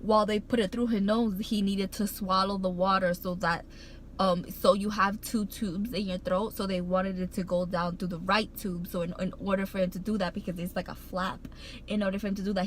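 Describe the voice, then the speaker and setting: A woman's voice: mid-range voice, a little hiss or hum, rough recording. A woman vlogger telling a heartfelt personal story, rambling with many fillers and restarts, emotional and choked up at times. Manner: emotional, getting choked up while recounting.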